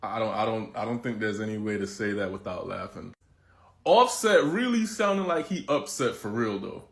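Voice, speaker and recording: A man's voice: fairly low pitch, expressive, normal speed, creaky. Amused, incredulous man commenting. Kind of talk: casual commentary video.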